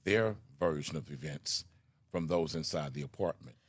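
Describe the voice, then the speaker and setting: A man's voice: rumbling low, moderate pace, husky, no echo. A man interviewing a mother, firmly summarizing her account back to her and asking questions. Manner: firm, summarizing the story back. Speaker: activist interviewer.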